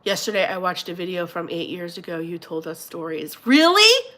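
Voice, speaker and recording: A middle-aged woman with a stuffy nose hosting a casual livestream, chatting with her viewers and greeting them warmly by name. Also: fairly low pitch, flat delivery, fairly quick. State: congested, blowing her nose. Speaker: livestream host reading viewer chat.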